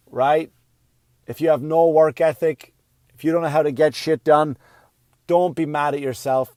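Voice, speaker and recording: A man with a slightly high voice, a comedian hosting his own podcast, delivering a loud, yelling, profane comic rant. The sound is close and dry, with no room echo.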